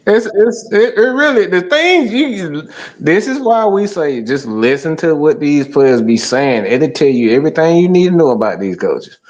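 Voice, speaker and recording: A man's voice: fairly high pitch, normal speed, muffled recording. A man co-hosting a casual live sports stream who talks emphatically and swears freely as he makes his point. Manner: emphatic, profane, lively rants. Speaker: podcast co-host.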